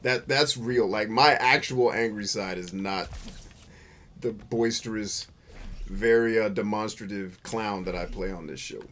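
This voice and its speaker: A man's voice: fairly low pitch, a little slow, slight background noise. Boisterous, swearing gamer guy. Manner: boisterous and playful, bursts into loud shouts and laughter; heavy slang and swearing. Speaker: gaming show host. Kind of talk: casual gameplay commentary.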